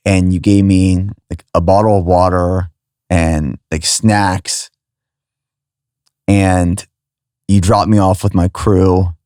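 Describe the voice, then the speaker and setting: A man's voice: deep voice, level tone, slow, long pauses, darkish tone, no echo, clean studio sound. A man hosting a podcast who asks short questions and reflects on shared memories. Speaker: podcast host. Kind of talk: casual conversation.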